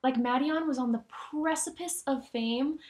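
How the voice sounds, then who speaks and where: A young woman with a slightly high voice chats casually as a podcast co-host. She talks with enthusiasm and fills her sentences with "like" and "um.". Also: moderate pace, a little mellow. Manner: chatty, many "like" fillers, enthusiastic. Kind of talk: casual chat.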